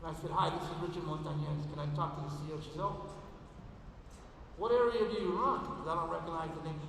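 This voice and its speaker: An older man giving a motivational keynote, telling a story with lively acted-out dialogue. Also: fairly high pitch, fast, slight background noise. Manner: animated storyteller acting out dialogue. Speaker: motivational speaker. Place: large event hall. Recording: echoey hall from far off.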